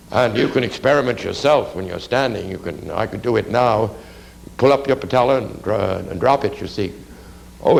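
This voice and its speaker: Man, anatomy lecturer, gravelly voice, halting classroom delivery, dry asides. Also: lowish voice, a little hiss or hum, low-quality recording. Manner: halting, frequent "uh" and "you see". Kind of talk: classroom lecture while drawing.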